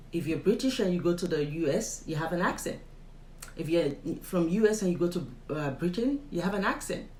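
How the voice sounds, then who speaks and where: A woman's voice: sits low, echoey room, a little hiss or hum, poor audio. A young woman with a Nigerian accent, a vlogger chatting emphatically to her viewers and laughing often. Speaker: vlogger interviewing her father. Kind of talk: casual commentary to the camera.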